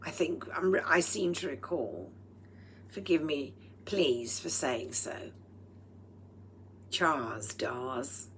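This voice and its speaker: A woman vlogging at home with a throaty, strained voice, speaking in a slow, deliberate and slightly formal way and often dropping into breathy whispered asides. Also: low voice, expressive, a bit bright, slight background noise. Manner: proper, slightly formal phrasing. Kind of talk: rambling personal vlog monologue. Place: at home while cooking. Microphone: speaking into a microphone.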